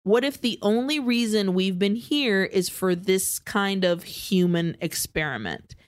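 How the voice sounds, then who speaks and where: A woman co-hosting a podcast, casually recapping a film plot as an animated storyteller who swears freely. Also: mid-range voice, a little slow, no echo, studio quality. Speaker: podcast co-host.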